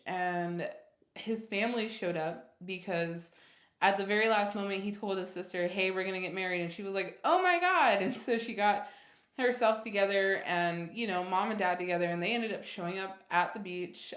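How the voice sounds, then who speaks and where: A woman in her twenties telling a personal story casually, jumping high in pitch for quoted reactions. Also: fairly even intonation, normal speed, reverberant. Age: 20s. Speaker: vlogger.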